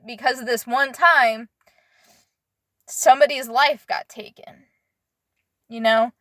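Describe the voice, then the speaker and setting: A young woman in earnest, halting confessional storytelling, often pausing to search for her words. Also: on the high side, steady tone, a bit bright, no room sound, clean studio sound.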